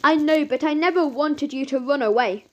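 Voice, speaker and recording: A woman's voice: high voice, normal speed, a little mellow, natural voice. A woman voicing an apologetic older sister in a children's audiobook, speaking earnestly. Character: remorseful older sister, once bossy girl.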